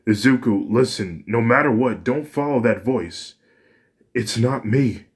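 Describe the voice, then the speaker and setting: A man's voice: medium pitch, expressive, measured pace, husky, voice pushed up. A man voicing a worried, earnest teenage boy in a fan story, speaking hesitantly. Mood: urgent.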